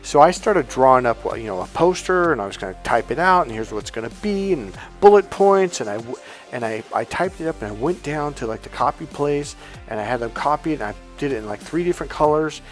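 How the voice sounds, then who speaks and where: A man with a middle-pitched voice tells a personal story in a relaxed, rambling way. He swears casually and often stops to correct himself. A faint music bed sits quietly under his voice. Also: brisk. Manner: rambling, self-correcting, swears casually, acts out past dialogue. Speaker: dating and relationship coach.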